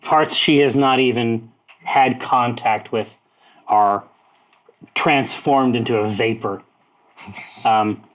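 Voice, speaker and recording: Slow, halting man narrating a tabletop game. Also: mid-range voice, fairly even intonation, a bit bright, rough recording. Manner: halting narration with many fillers, breaks into laughter. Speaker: game master.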